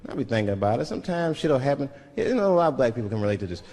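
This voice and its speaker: A man performing a stand-up comedy set, telling stories and shouting out the voices of other people. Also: mid-range voice, rapid-fire. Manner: animated storytelling, shouting impressions of others. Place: large live venue with audience. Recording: reverberant live hall recording with crowd laughter. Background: audience laughter.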